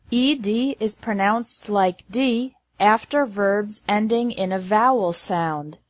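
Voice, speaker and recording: A woman teaching pronunciation at a very slow, deliberate pace, spacing out every word. Her voice is mid-pitched and sits close to the mic in a dry room with no echo. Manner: slow, carefully enunciated word lists. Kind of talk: slow scripted lesson narration.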